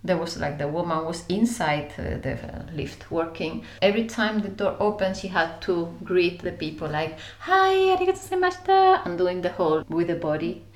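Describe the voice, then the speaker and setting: Woman from Spain, lively storyteller. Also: on the low side, normal speed, few pauses, roomy sound. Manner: animated, laughing, acts out scenes. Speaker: interview guest. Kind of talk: reflective storytelling.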